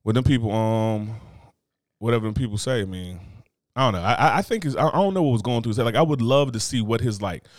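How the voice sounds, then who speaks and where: Fast, lively man talking bluntly. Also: mid-range voice, no echo, studio quality. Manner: blunt, profane, joking. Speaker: podcast co-host. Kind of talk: casual chat.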